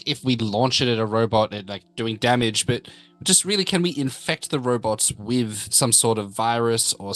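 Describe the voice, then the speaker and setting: A man's voice: mid-range voice, fairly bright tone, no room sound. A man playing a tabletop game, rambling playfully about his character's schemes. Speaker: player. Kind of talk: casual tabletop play.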